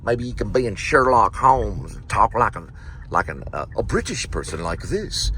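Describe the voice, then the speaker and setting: A man's voice: on the low side, animated, moderate pace, sharp tone. A man of around fifty from Texas, a delivery driver who rambles and rants with profanity while driving. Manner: ranting, profane, jumps between topics. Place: inside a car. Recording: clear car road noise.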